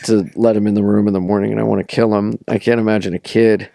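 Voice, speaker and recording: A man's voice: lowish voice, flat delivery, fast talker, vocal fry, mellow, no room sound, studio quality. A man from Delaware, a comedian guest on a podcast, talking things over with stammered restarts. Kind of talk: casual comedy chat.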